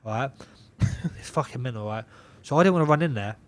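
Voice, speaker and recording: A young man, a pro boxer guesting on a podcast, telling a story in an animated, repetitive way, swearing constantly and laughing often. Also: medium pitch, fast, slight background noise. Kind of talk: casual storytelling chat.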